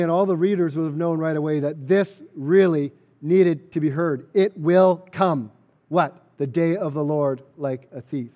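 Pastor, male, earnest sermon delivery, mellow tone, emphatic repetition. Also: fairly high pitch.

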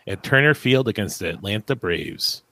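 A man's voice: lowish voice, big pitch swings, normal speed, vocal fry, sharp tone, no echo. A man hosting a casual interview, putting a playful trivia question to his guest. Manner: playful quiz-style questioning. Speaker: podcast host asking trivia.

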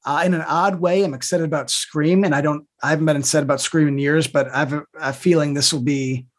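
A husky-voiced co-host chatting casually, lively and quick to act out little quotes. The talk often stumbles into stammering restarts before rushing on. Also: mid-range voice. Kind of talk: casual chat.

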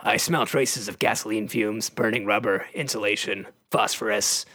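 A podcast host voicing a tough, gruff male mutant fighter in a comic read-aloud of a kids' book. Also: steady tone, fairly bright tone, dry recording, lightly acted. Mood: grim. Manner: low, slow, growly put-on voice.

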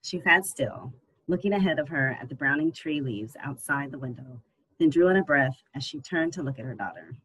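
Husky audiobook narrator. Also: medium pitch, expressive, a little fast, fairly bright tone, poor audio. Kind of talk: scripted narration.

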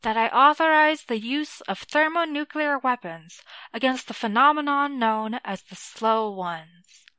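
A woman's voice: high voice, unhurried, few pauses, pushed and bright, clear, resonant tone, dry recording. Woman reading as a nasal president, clipped and formal, close dry mic. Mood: solemn.

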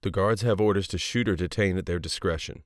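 A gruff guard at a checkpoint, as a male narrator puts him on. He speaks slowly and curtly in a low, unimpressed voice, recorded dry and close. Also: no echo, lightly acted. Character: gruff gate guard, man, curt.

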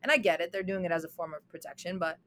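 A young adult woman, a guest, telling her story in an animated way, with lots of "like"s. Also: on the low side, a little hiss or hum. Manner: animated, fast storytelling with many "like"s. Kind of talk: storytelling interview chat.

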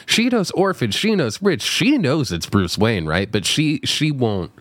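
A man in casual film talk, wisecracking and animated, swearing freely as he makes his points. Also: medium pitch, unhurried, few pauses, dry recording. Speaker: podcast co-host.

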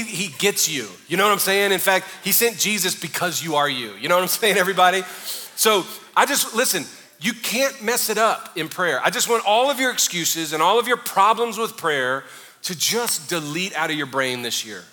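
A man's voice: sits high, lively intonation, moderate pace, pushed and bright, long reverb tail. Man preaching with joking, chatty humor. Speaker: pastor. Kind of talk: sermon.

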